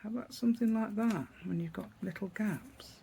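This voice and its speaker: A woman's voice: medium pitch, fairly quick, gravelly, warm tone, slight background noise, low-quality recording. A middle-aged woman with an East Midlands English accent, chatting casually through a craft tutorial at her table, rambling and asking tag questions.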